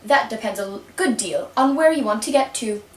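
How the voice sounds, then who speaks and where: Puppet show: a woman doing a teasing male cat with a slow knowing drawl, voice still on the high side, caught in a roomy space by a mic set well back. Calm and unhurried. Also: distant mic, natural voice.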